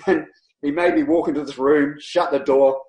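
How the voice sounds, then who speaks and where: Lively New man in a roomy space. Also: fairly high pitch, normal speed. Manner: animated, laughs often, acts out people in his stories. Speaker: guest, long-distance cyclist. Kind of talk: casual storytelling interview. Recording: roomy echo.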